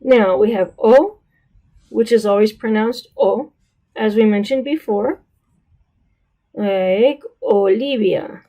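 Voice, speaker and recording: Slow, patient American woman teaching. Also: a little high, dull audio. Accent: American English. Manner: patient, drawn-out model words, checks in with "right?". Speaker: Spanish teacher. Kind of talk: slow, careful pronunciation lesson.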